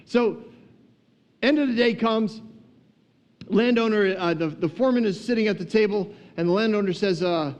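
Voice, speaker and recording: A man teaching on a casual podcast, retelling a story in a lively, humorous, conversational way. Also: high voice, moderate pace, long pauses.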